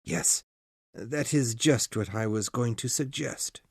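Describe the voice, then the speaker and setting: A woman doing a strained, gravelly gentleman doctor. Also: rumbling low, slow pace, dry recording, studio quality, pitched below the performer's own voice, exaggerated voice. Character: troubled gentleman doctor, frightened and hiding. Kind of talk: audiobook character voice.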